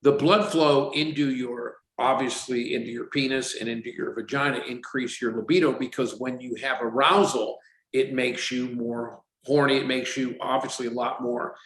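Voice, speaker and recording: At a moderate pace and medium pitch, a sixty-something CEO shares stories on a casual podcast, animatedly acting out the people he quotes. The audio carries a roomy echo.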